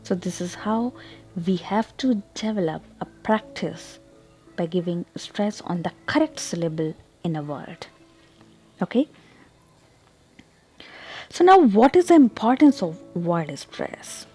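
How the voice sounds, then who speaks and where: A woman teaching English pronunciation in a slow, deliberate lesson, repeating example words and checking in with "okay?". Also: fairly low pitch, sing-song, dark tone, breathy edge, soft background music.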